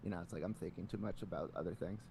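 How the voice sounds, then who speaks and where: Low-ish dude rambling thru a story on a podcast, lotta "like", swears a bunch, faint hiss behind. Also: male voice, very fast, creaky. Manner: rambling, heavy filler words, swears a lot. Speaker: podcast co-host. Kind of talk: casual storytelling chat.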